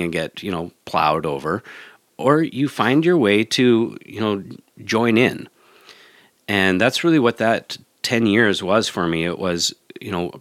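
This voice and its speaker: A man's voice: lowish voice, lively intonation, unhurried, fairly bright tone, dry recording, clean studio sound. A man, a yoga teacher, in a casual podcast chat, earnest and reflective, often restarting his sentences.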